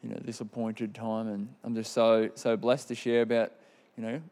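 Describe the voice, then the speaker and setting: A man's voice: fairly low pitch, little pitch movement, moderate pace, a little mellow. A man in his thirties with an Australian accent, telling his personal testimony in a candid, rambling way with many fillers. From Queensland, Australia. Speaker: testimony speaker.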